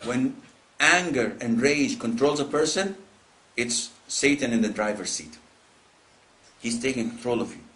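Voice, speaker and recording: A male Islamic preacher giving a lecture, telling stories with lively acted-out voices and frequent laughter. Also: medium pitch, unhurried, pauses often. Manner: animated storytelling, mimics callers in raised voices.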